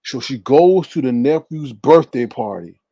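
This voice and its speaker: A man at a mid pitch, hosting a casual livestream and reading out viewer comments. He is an animated storyteller who laughs often and acts out scenes in high voices. The sound is dry and close, with no room echo. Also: a little slow.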